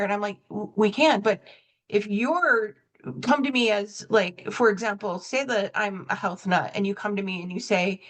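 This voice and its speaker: A woman's voice: medium pitch, moderate pace. Woman, podcast host, coach, reflective, storytelling, conversational. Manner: reflective, self-correcting, acts out dialogue in stories. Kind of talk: conversational interview.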